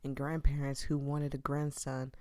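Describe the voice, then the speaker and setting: A woman voicing a calm, gentle male demon companion in a game, reading his lines softly and low-key. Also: normal speed, no echo, studio quality. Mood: wistful.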